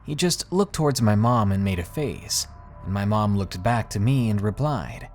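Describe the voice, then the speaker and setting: A man's voice: on the low side, expressive, moderate pace, faint music behind. Man narrating a creepy tale. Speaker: horror story narrator. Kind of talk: scripted narration of a creepy true story.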